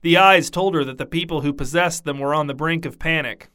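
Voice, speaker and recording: Bright-voiced man narrating dryly. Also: fairly high pitch, a little fast. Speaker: audiobook narrator. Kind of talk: scripted narration.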